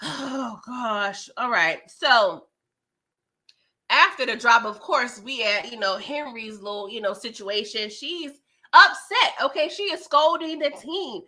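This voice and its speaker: A young adult woman hosting a casual live stream, animated and often laughing as she chats with viewers. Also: on the high side, slow. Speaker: livestream host reviewing a TV episode.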